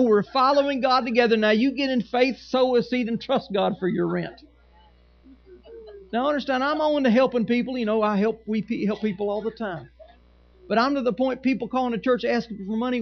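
A man's voice: extremely high pitch, muffled recording. A male pastor preaching a sermon in church, reading scripture and making sarcastic asides to the congregation.

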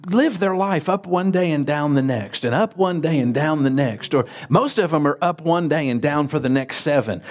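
Folksy storytelling pastor, man. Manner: folksy, animated anecdotes with sudden pitch jumps. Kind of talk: sermon with storytelling.

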